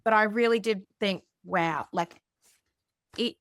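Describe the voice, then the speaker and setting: A woman hosting a podcast, telling a story in a chatty, animated way with lots of fillers. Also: medium pitch, takes it slowly, no echo, studio quality. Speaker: podcast host. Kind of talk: casual storytelling chat.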